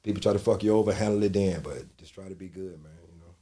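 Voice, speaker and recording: A middle-aged male comedian telling casual, profane stories in an interview. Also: quick pace. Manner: animated, profane storytelling that jumps into loud high quoted voices.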